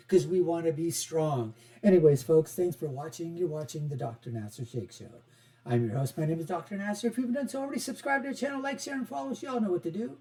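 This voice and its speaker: A man hosting a political commentary show, mocking and animated, swinging from loud outbursts to quiet asides. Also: fairly high pitch, fast talker, poor audio. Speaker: host.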